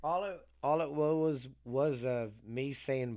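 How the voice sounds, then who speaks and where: A man's voice: medium pitch, unhurried, darkish tone. A man co-hosting a podcast, casual and joking, with a lot of swearing. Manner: rambling, profane, joking. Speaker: podcast co-host.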